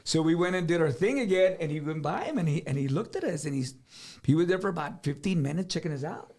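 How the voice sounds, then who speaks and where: Lively high-voiced man. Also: quick pace. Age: middle-aged. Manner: animated, switches between English and Spanish, acts out other people's lines. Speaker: singer, guest. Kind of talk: casual storytelling.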